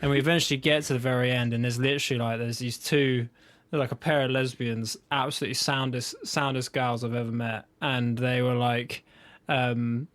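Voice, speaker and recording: A man's voice: medium pitch, little pitch movement, a little fast, few pauses, fairly bright tone, dry recording. A young man with a southern English accent, chatting casually on a podcast, rambling and swearing with self-mocking humor. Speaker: podcast co-host. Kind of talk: relaxed casual chat.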